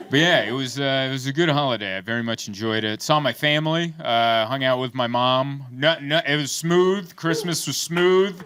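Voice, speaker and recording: A male stand-up comedian with a fairly high, very lively voice, swinging through stories and acting out voices on stage. He works a handheld mic over a loudly laughing crowd, with heavy room noise behind him. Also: measured pace. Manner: animated storytelling, acts out voices.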